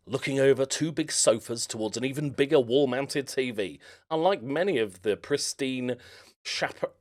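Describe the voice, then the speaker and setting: A male gaming YouTuber reading a news article aloud and stopping to joke and laugh about it in a chatty reaction commentary. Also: mid-range voice. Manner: chatty, breaks off to joke and laugh between read passages.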